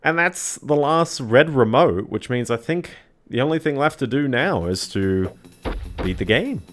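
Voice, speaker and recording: A man's voice: medium pitch, animated, a little slow. A man casually commenting while streaming a video game, rambling and hedging with little chuckles to himself. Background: game music.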